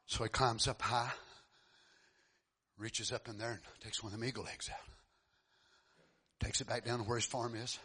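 A man preaching a sermon. He shouts fervent exclamations and moves into folksy storytelling. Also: mid-range voice, fairly even intonation, normal speed, pauses often, breathy edge.

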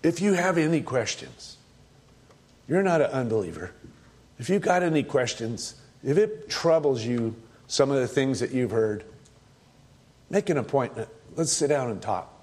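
A middle-aged male pastor delivering a sermon in a voice of middling pitch. He preaches with emphasis, leaping higher and louder to drive points home, then falling to low, quiet asides. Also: sing-song, normal speed.

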